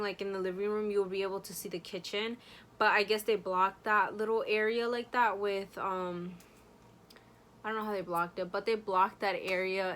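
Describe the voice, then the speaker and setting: A woman's voice: mid-range voice, a bit bright, a little hiss or hum. A young woman vlogger casually telling a personal scary story to her viewers, full of fillers and asides. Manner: chatty, many fillers, addresses viewers directly.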